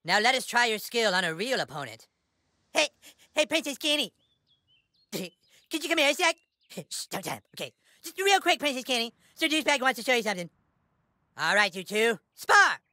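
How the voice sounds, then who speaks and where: A man's voice: very high-pitched, sing-song, moderate pace, pauses often, no echo, studio quality, heavily acted. A man voicing a bossy, scheming boy who plays a wizard leader, talking in a pompous, commanding way in a video game. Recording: game audio over loud music.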